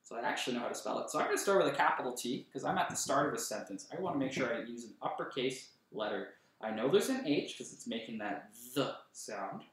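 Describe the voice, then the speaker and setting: A male kindergarten teacher leading a writing lesson for young children, slowly sounding out words letter by letter. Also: medium pitch, lively intonation, fairly bright tone. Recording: roomy echo, voice a bit far from the mic.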